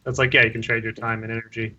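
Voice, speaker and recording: A man's voice: mid-range voice, flat delivery, very fast, pushed and bright, highs cut off. A man hosting a podcast, talking bluntly and casually and swearing now and then. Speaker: podcast host.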